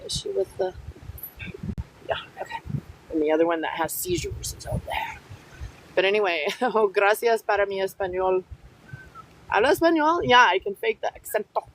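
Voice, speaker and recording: On a low-quality recording with slight background noise, a woman with a mid-range, fairly bright voice live streams from her phone while walking her dogs outside. Casual and blunt, she reads comments out loud, drops in Spanish, and snaps right back at commenters with feisty energy.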